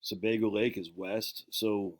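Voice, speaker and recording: A man's voice: lowish voice, steady tone, measured pace. A man who grew up on an island in Maine, hosting his own show and telling rambling stories in a chatty way, correcting himself as he goes. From Peaks Island, Maine. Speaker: show host. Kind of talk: casual rambling storytelling.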